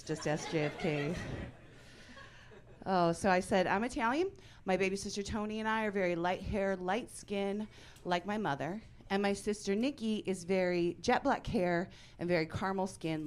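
A woman in her forties performing a stand-up comedy set on a club stage, deadpan with sudden loud punchlines. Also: medium pitch, a little hiss or hum.

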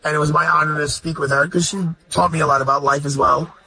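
A man's voice: on the high side, steady tone, fast, gravelly, bright, forceful tone, slightly rough, low-quality recording. A middle-aged man hosting a radio interview, effusive and talking over his guest. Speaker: radio host. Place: high-floor room, then a golf course.

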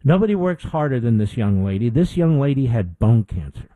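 A man's voice: medium pitch, sing-song, a little fast, dark tone, no room sound, rough recording. A middle-aged man hosting a political talk show, delivering an indignant opinion monologue with emphatic repetition.

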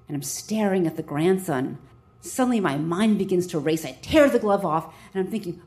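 A woman doctor telling a personal story on stage, lively, with wry comic timing. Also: fairly low pitch, moderate pace.

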